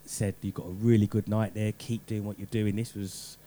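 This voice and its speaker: A man's voice: fairly low pitch, level tone, moderate pace, slight background noise. A man hosting a radio show, chatting in a laid-back, slangy way with lots of fillers. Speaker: radio DJ and host. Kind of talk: casual radio chat. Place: radio studio. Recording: radio studio with loud music underneath. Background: loud music.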